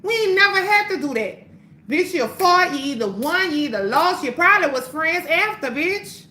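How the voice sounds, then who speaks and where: High, bright-voiced woman telling a story. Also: moderate pace. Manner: animated, profane, swings between loud and hushed. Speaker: livestreamer. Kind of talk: casual storytelling on a livestream. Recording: roomy echo, faint background hum.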